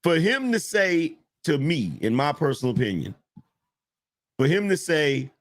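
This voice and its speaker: Man in a dry clip: measured and explanatory, fairly high voice. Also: big pitch swings, no echo.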